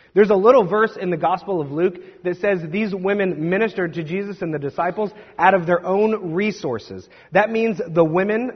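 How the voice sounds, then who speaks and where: A man's voice: high-pitched, slightly rough. A male pastor delivering a sermon in a conversational, emphatic way, with asides to the congregation, in a church. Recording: dull recording with long hall reverb.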